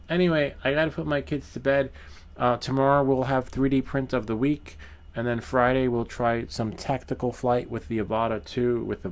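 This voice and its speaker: A man's voice: on the low side, a little hiss or hum. A man hosting a drone channel, chatting casually with viewers in a rambling way, laughing often and trying out rusty Spanish. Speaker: FPV drone channel host. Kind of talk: casual livestream chat with viewers.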